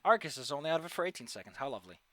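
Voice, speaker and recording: Chatty, bright-voiced male game master. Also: medium pitch, very animated, very fast, a little hiss or hum. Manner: chatty, laughs often while narrating. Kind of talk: running a tabletop game.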